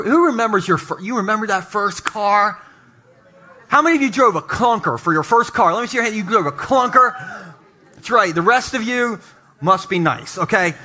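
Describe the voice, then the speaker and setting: A male pastor preaching to his congregation, telling humorous personal stories with animated asides. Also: high-pitched. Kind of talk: sermon. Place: church sanctuary.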